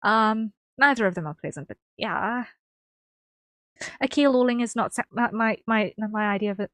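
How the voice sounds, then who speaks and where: Woman streamer from the UK, casual rambling chat to viewers, repeats herself a lot, dry close desk mic, mid-pitched. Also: moderate pace, fairly bright tone, no echo. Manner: chatty, rambling, with many ums and repeats.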